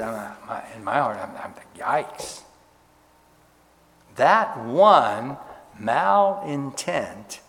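A man preaching a sermon as pastor, stressing words and dropping to a hush on key points. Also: mid-range voice, long reverb tail, a little hiss or hum.

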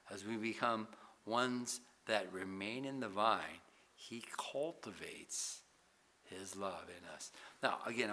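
Bright-voiced man preaching a sermon. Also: lowish voice. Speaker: pastor.

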